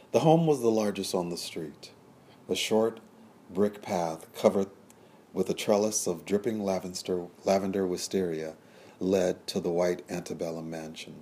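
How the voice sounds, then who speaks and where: A man narrating a period story in a measured, descriptive storytelling manner. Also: deep voice, mellow, slightly rough. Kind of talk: scripted audiobook narration.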